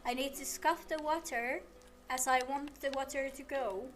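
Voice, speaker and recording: A woman's voice: high voice, fairly even intonation, normal speed. A woman streamer giving casual commentary while building in a game, talking to the game and repeating herself when it won't cooperate. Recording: game music playing underneath.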